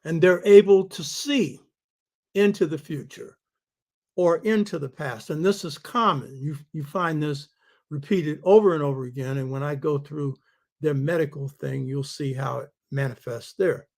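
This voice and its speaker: A man's voice: fairly high pitch, moderate pace, creaky. A man hosting a show, giving an emphatic lecturing monologue and throwing rhetorical questions at his listeners. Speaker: host.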